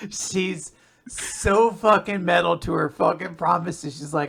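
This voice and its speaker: Gravelly, bright podcast co-host. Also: medium pitch, takes it slowly. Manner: enthusiastic, swears freely, laughs often. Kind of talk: casual manga recap chat.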